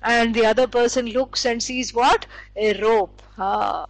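High-voiced woman teaching scripture. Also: fairly even intonation, slow, no echo, low-quality recording. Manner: explanatory, storytelling with acted quotes, many fillers. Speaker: spiritual teacher. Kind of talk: scripture lecture.

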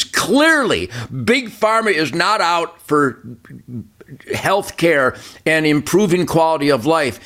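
A man's voice: on the high side, fairly bright tone. An older man delivers a heated political talk-show rant in a slightly raised voice. He stacks up repetitive lists with fiery emphasis. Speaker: show regular, commentator.

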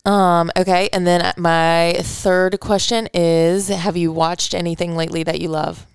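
A woman co-hosting a podcast in casual chat, asking many quick, curious questions. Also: fairly low pitch, level tone, gravelly, clean tone, dry recording, studio quality. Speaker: podcast co-host.

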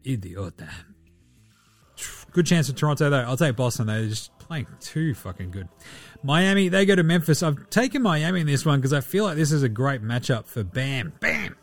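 A man's voice: mid-range voice, animated, a little fast, soft background music. A man hosting a sports podcast, running through betting picks in casual, profane, slang-heavy banter.

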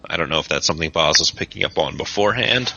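Very deep-voiced man game master. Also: expressive, quick pace, gravelly, bright, forceful tone, a little hiss or hum. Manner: casual, filler-heavy description. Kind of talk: narrating a tabletop game. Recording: dull lo-fi podcast audio.

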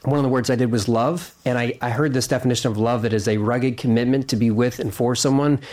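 A man's voice: mid-range voice, steady tone, quick pace, a little mellow. A man hosting a podcast who asks questions casually, with self-deprecating asides and hesitant restarts. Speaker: podcast host.

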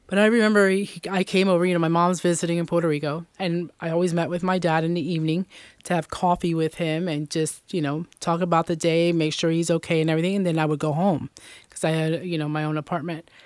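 Middle-aged woman, interview guest, earnest testimony, lowish voice, dry. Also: flat delivery, quick pace, no echo. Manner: earnest, many fillers like "you know" and "um".

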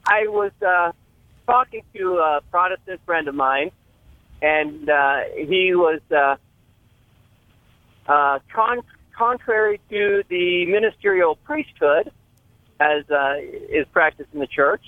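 A man calling in to a radio show with a hesitant question, full of pauses and fillers, heard over a phone line. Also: high voice, dry recording. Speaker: caller.

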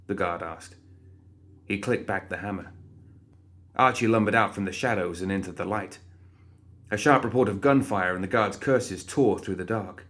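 A man narrating a story in an expressive storytelling style. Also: low-pitched, normal speed.

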